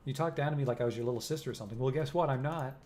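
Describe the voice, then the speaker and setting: A man's voice: mid-range voice, racing, darkish tone, slight background noise, close to an everyday voice. A man reading aloud the lines of a hostile, brash young female hacker. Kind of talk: reading game dialogue aloud.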